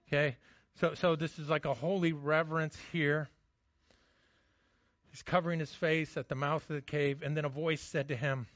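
A man preaching a sermon, telling a story with energy and dropping to a hush for the quiet moments. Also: on the high side, normal speed, no room sound, highs cut off. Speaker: pastor.

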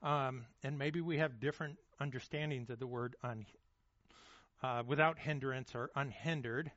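A man's voice: medium pitch, normal speed, a bit bright, no room sound, highs cut off. A man preaching a sermon in a casual, conversational way, often repeating words as he restarts and checking in with "okay?" and "right?". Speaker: pastor.

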